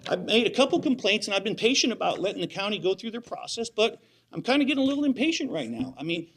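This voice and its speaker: A man's voice: high voice, expressive, fast, a bit bright, a little hiss or hum. A man giving public comment at a county hearing, worked up and insistent, repeating his complaints.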